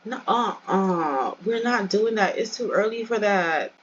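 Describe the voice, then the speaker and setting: A woman's voice: mid-range voice, a little slow, muffled recording, a little hiss or hum. Chatty woman narrating a life-sim game. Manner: chatty, addresses viewers as y'all. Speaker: let's play host. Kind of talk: casual game commentary.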